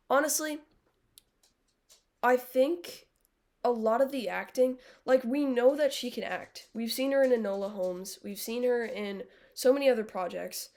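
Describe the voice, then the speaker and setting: A young woman with a fairly high voice chats casually on a live stream. She is blunt and sarcastic, and she swears freely. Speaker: livestreamer. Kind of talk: casual chat with viewers.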